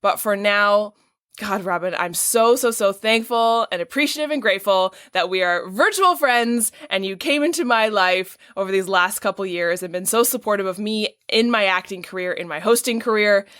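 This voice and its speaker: A woman's voice: mid-range voice, normal speed, a bit bright, clean tone, dry recording, clean studio sound. A woman hosting a casual podcast interview, talking in a gushing, effusive way. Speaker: podcast host.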